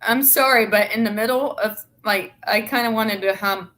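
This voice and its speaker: A woman's voice: mid-range voice, moderate pace, fairly bright tone. A young woman in casual, opinionated chat, blunt and sarcastic with a lot of swearing. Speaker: show co-host.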